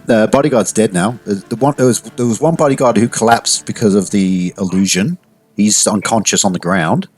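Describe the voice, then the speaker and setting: A man's voice: lowish voice, normal speed, breathy edge, faint music behind. A man narrating as game master of a tabletop game, hesitant, with frequent restarts. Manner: hesitant, with many restarts and "sort of".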